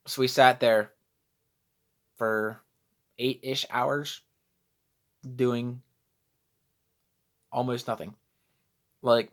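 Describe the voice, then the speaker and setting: A young man vlogging casually, rambling and self-deprecating as he loses his train of thought. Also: mid-range voice. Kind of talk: casual vlog storytelling.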